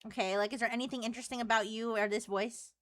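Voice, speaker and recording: A woman's voice: on the high side, steady tone, quick pace, a bit bright, no room sound. A woman streamer chatting casually and teasingly, often stammering through her questions. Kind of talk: casual live-stream chat.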